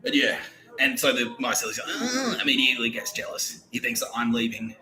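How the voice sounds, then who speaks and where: A man's voice: medium pitch, big pitch swings, fairly quick, pushed and bright, a little hiss or hum, rough recording. A young adult man, hosting a podcast and telling a long comic story in a profane, meandering way, laughing between his lines. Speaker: podcast host.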